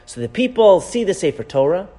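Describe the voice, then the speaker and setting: A man teaching a Torah class as a rabbi, animated, asking rhetorical questions and weaving in Hebrew terms. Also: high-pitched, fairly quick, faint music behind. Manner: animated, asks rhetorical questions, frequent "right?".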